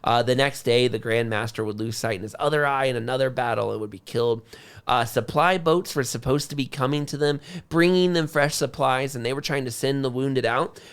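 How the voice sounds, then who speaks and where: A man's voice: medium pitch, clear, resonant tone. A man co-hosting a podcast, retelling history in a casual, conversational way. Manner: conversational, acts out quotes in a lively way. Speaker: podcast co-host. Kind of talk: casual storytelling about history.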